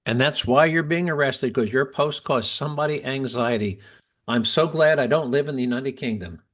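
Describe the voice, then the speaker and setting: A man's voice: mid-range voice, moderate pace, a bit bright. Chatty man hosting a podcast. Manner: chatty, restarts often while explaining. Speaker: podcast host. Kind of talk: casual talk.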